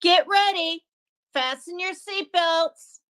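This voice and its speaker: A woman's voice: very high voice, slow pace, fairly bright tone. A woman on a stream panel making sarcastic, swearing remarks while a voicemail plays. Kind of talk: live stream commentary.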